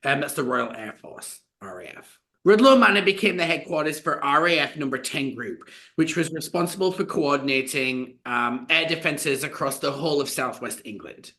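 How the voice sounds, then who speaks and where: A man co-hosting a podcast, telling a story in a chatty, animated way with lots of fillers. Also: a little high, normal speed. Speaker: podcast co-host. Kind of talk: casual storytelling chat.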